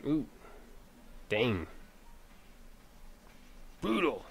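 A man giving casual, excitable commentary while playing a racing game, talking to himself and the game and sniffling from allergies. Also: mid-range voice, very slow, creaky, breathy edge. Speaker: gameplay commentator. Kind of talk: casual let's play commentary. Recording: game music playing behind.

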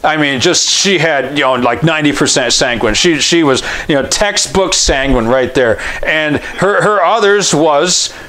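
Male pastor with a higher-pitched voice, preaching in a loose, joking style with frequent restarts. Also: unhurried, hardly any pauses, bright, forceful tone. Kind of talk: conversational sermon.

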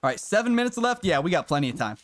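Male streamer, casual live commentary, excitable with some swearing, high-ish animated voice. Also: rapid-fire, a little hiss or hum. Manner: excitable, swears, chats to viewers. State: briefly out of breath. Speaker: game streamer.

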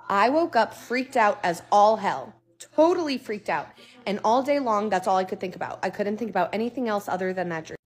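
A woman's voice: medium pitch, expressive, fairly quick, husky. Earnest woman telling a storytime. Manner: emphatic, repeats words for stress; earnest and candid, occasional swearing. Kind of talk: casual storytime.

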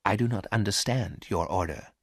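A man reading a story aloud and voicing a calm, logical male robot who speaks quietly and softly. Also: lowish voice, normal speed, husky, dry recording, studio quality. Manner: quiet, soft, flat and logical.

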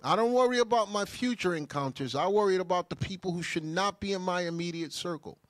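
A man's voice: high voice, a little fast, dry recording, clean studio sound. A man, a deacon, reading viewer comments on a livestream and answering them in an emphatic way that rises to fervent bursts. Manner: emphatic, rising to fervent bursts when stirred. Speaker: deacon answering live chat.

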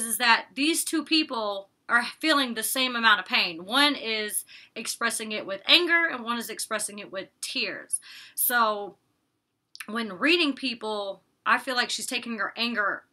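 A woman's voice: on the high side, bright, forceful tone. A young woman recapping a reality show in a casual vlog, chatty and opinionated, cursing freely as she acts out what the cast said. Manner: chatty and opinionated, recaps scenes with quoted lines, curses casually.

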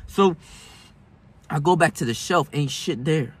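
A man's voice: a little high, animated, measured pace, a bit bright. A young man vlogging a personal story in casual, profane street slang, shifting between heated and subdued. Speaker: self-help vlogger.

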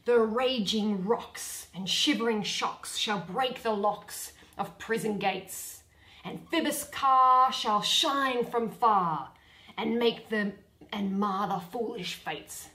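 A woman's voice: medium pitch, slow, sharp tone, roomy sound, low-quality recording. A woman voicing a boastful, eager male weaver who declaims every line grandly.

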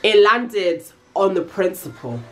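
A young woman telling a casual, slangy storytime, animated and full of swearing. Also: mid-range voice, unhurried. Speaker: vlogger.

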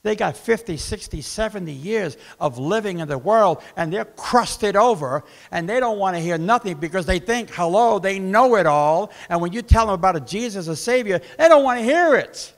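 A man preaches a sermon as the church's pastor, his voice set high with a rough, gravelly edge. He swings from loud bursts to hushed asides and acts out the voices in his quoted dialogue. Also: lively intonation, moderate pace, few pauses.

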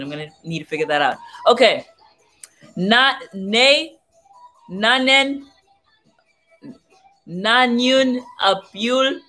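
A woman's voice: lowish voice, a bit bright. A young woman from southern Africa chatting casually as a vlogger, playfully sounding out foreign phrases one by one. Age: young adult. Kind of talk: casual livestream chat. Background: faint music playing.

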